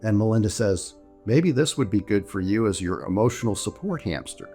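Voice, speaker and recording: Low-voiced man telling a chatty story. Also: animated, brisk, warm tone, faint music behind. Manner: chatty, jokey, many restarts and "so anyway". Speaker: vlogger telling a personal story. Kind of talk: casual storytelling to camera.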